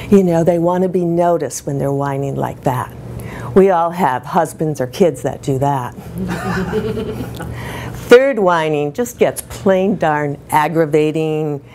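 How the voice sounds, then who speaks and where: A woman's voice: deep voice, a little mellow, a little hiss or hum. A woman over sixty giving a comic talk to a live audience, telling self-mocking stories and laughing along. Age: older. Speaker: speaker performing a comic character talk.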